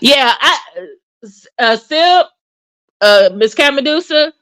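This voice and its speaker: A woman hosting a casual livestream commentary, chatty and animated, with many fillers and restarts. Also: sits high, slow. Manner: addresses viewers in chat by name. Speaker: commentary channel host.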